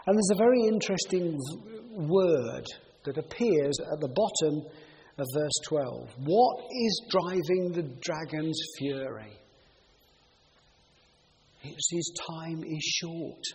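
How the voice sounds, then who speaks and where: A middle-aged man preaching a sermon, telling stories in a lively way and shifting his volume for emphasis. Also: takes it slowly. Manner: animated storytelling, shifting pitch and volume for emphasis. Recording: reverberant hall with faint noise.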